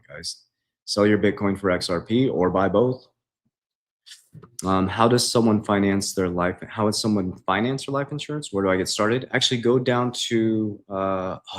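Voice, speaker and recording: A man with a deep, low voice hosts a relaxed livestream from his kitchen. He talks loosely and conversationally, often tossing in "man," and reads viewer questions aloud before answering them off the cuff. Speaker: investing coach. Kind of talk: casual livestream Q&A. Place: home kitchen.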